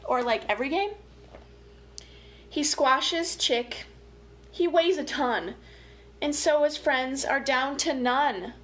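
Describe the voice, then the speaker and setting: A young woman family educator reading a picture book aloud to children, with gentle, playful, chatty asides to her young listeners. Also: sits high, slow, long pauses.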